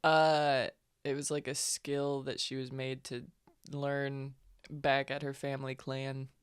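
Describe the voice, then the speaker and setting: A woman's voice: very deep voice, flat delivery, takes it slowly, clear, resonant tone, no room sound, clean studio sound. A woman co-hosting a casual podcast chat while sick, giggling often and rambling with many fillers. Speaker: podcast co-host.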